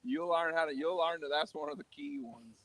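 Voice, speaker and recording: A middle-aged man, ribbing his fishing partner with rambling stories. His voice sits a touch high. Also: brisk, fairly bright tone, dry recording, poor audio. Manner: teasing storyteller. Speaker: fishing show host. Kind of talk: casual banter.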